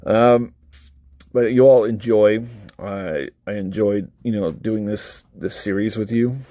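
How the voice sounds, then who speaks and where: A man rambles casually to camera in a mellow, warm voice, swearing freely and laughing often between thoughts. The sound is dry and close, with no room around it. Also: lowish voice, steady tone, slow pace, no echo. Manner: rambling and profane, with frequent laughs and acted-out asides. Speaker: vlogger reviewing books and films; parent of a young child. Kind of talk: casual unscripted chat to camera.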